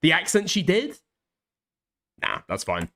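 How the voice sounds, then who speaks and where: A man's voice: on the high side, unhurried, a little hiss or hum. A man co-hosting a commentary show, ranting casually with frequent swearing. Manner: heavy swearing, animated ranting. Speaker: co-host. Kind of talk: casual opinionated chat.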